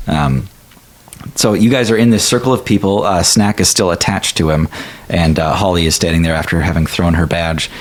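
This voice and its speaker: A man narrating as game master of a tabletop game, rambling with many fillers. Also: sits low.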